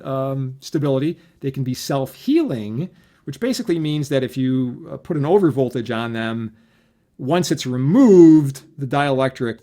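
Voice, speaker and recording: A male professor giving a relaxed lecture, explaining things conversationally and often checking in with a quick "right?". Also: medium pitch. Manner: conversational, tags points with "right?". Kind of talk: casual recorded lecture.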